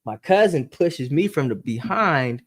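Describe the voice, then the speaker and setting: Animated male storyteller on a podcast. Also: measured pace, slight background noise. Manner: animated storyteller, acts out voices and gunshots; speeds up and rises in pitch at tense moments. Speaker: podcast guest.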